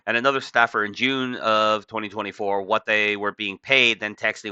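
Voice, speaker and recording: Casting: male commentator, offhand and rambling, bright forceful tone, dull dry lo-fi recording. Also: lowish voice, fairly even intonation, fairly quick, few pauses, clean tone, no echo. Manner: offhand, rambling, many fillers. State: just woken up. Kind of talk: casual commentary reading a news article aloud.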